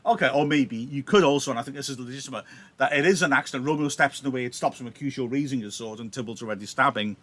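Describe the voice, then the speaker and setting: A man's voice: medium pitch, fast talker, a bit bright. A man with a Welsh accent, a teacher talking through a play in a conversational way and often checking in with the listener. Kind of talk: live reading with analysis.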